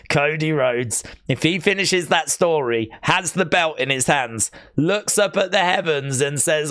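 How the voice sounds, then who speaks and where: Brief: male stream host, rambling and excitable, smooth resonant voice on a dry close mic. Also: on the high side, measured pace, dry recording. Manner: excitable, rambling, answers chat messages. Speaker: live stream watch-along host. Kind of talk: casual live-stream chat.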